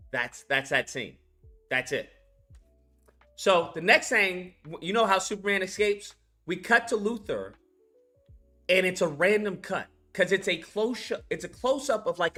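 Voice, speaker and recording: A man with a bright, forceful voice gives a loose, profane film rant, full of disbelief and quick laughs. He retells scenes as he talks, with faint music playing underneath. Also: high voice. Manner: incredulous, profane, laughs often, acts out scenes. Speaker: animation channel host reviewing a film. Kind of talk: casual ranting film commentary.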